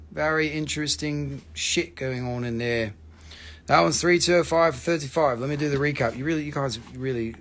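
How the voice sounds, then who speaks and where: A man's voice: mid-range voice, fairly bright tone. A man hosting a live mineral sale, chatting casually with lots of swearing and rambling jokes. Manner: profane, rambling, joking. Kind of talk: casual live-stream selling chat.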